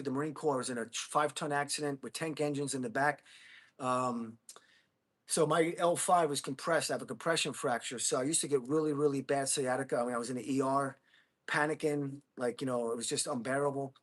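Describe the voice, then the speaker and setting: A man's voice: medium pitch, steady tone, a little fast. Rambling man in his fifties on a livestream. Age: 50s. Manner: rambling, friendly, talks straight to viewers with "buddy" and "bro". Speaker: livestream host. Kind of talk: casual livestream chat with viewers.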